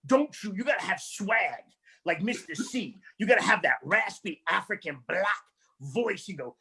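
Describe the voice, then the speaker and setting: Brief: male stand-up comic, rambling and profane, does voices, husky and lively. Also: sits high, normal speed. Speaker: stand-up comedian. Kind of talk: stand-up comedy set. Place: small comedy venue.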